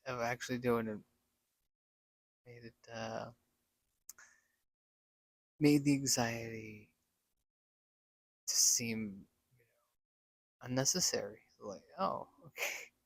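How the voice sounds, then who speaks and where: A man's voice: medium pitch, steady tone, slow, vocal fry, long pauses, no room sound. A man casually telling a personal story, rambling with many fillers and dropping almost to a whisper when quoting his own thoughts. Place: Las Vegas.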